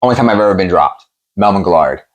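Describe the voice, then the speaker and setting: A man who promotes MMA and used to fight, telling gym stories in a casual interview, profane and animated, acting out what people said. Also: sits low, fast. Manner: animated, profane, acts out quotes.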